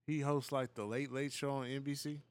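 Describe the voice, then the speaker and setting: A man's voice: mid-range voice, level tone, fairly quick, no room sound. A man co-hosting a podcast, chatting in laid-back, profane, joking banter. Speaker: podcast co-host. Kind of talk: casual chat.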